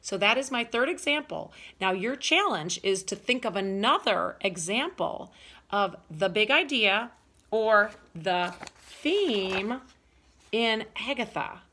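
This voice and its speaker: A woman teacher giving a recorded lesson to children. She explains slowly and keeps asking the listeners questions. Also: medium pitch, lively intonation, bright, forceful tone.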